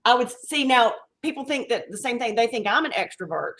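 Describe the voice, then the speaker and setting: A woman's voice: on the high side, animated, brisk, fairly bright tone. A woman from the Carolinas guesting on a live stream over a call, chatting playfully. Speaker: guest co-host. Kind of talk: casual live stream chat.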